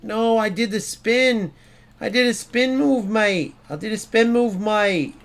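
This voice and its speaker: A cheeky mock British lad, as an American gamer puts him on, shouting high and loud with a jokey, put-on British accent. He leans on every word and keeps tacking on a playful "mate". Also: a little slow. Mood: indignant.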